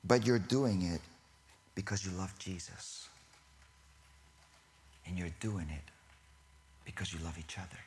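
This low-pitched preacher addresses his congregation at a measured pace, pausing often, as he moves between energetic bursts and near-whispers. He laughs in asides and corrects himself, and a little hiss or hum sits under the recording.

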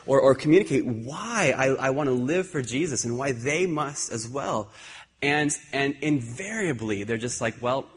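A man preaching a sermon, telling animated personal stories with many restarts and repeated words. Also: medium pitch. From Ireland. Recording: husky voice in a hall with long reverb.

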